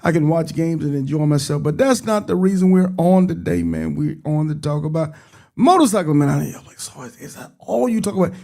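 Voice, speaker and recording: A middle-aged man hosts a relaxed podcast chat in a fairly high voice with a gravelly, rough edge. He stays upbeat and keeps dropping "man" into his sentences. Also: fairly quick. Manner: upbeat, peppers talk with "man". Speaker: podcast host.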